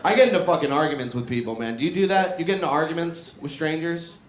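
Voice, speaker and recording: A stand-up comedian with a slightly high voice does a fast, profane, self-mocking live set in a barbershop, often quizzing the crowd. The echoey room carries a loud audience and slight background noise.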